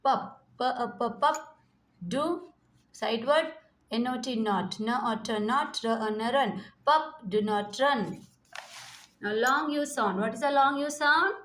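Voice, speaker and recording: A woman's voice: on the high side, takes it slowly, fairly bright tone. A woman with an Indian English accent teaching a phonics lesson, sounding out letters and repeating each word. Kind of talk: slow classroom phonics lesson.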